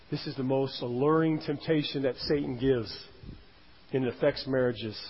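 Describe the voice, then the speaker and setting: A man's voice: medium pitch, fairly even intonation, unhurried, husky. A man preaching a sermon as a pastor, emphatic, rising and dropping his voice to stress points. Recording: dull, roomy hall sound.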